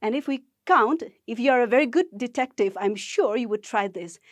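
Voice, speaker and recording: A woman teacher from Nagaland, India, leading a gamified poetry lesson for school students in a slow, encouraging way. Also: fairly high pitch, lively intonation, no room sound. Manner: encouraging, speaks slowly and deliberately to learners.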